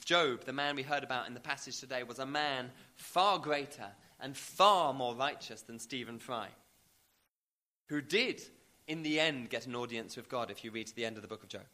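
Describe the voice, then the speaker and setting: A man's voice: mid-range voice, moderate pace, sharp tone. A man preaching a sermon, emphatic, building to rising repeated questions.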